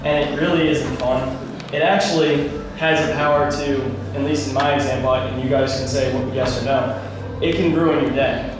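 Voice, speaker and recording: An animated young youth speaker, medium-pitched and at a moderate pace, tells a casual, rambling story to teens in a large room, acting out the dialogue. The room is very echoey, he sounds far away, and there's background noise.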